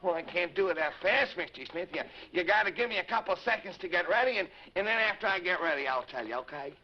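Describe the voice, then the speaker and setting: A man's voice: high-pitched, lively intonation, fast. A man voicing an eager, cheerful boy puppet who stammers and restarts his words, on a noisy lo-fi 1950s TV broadcast.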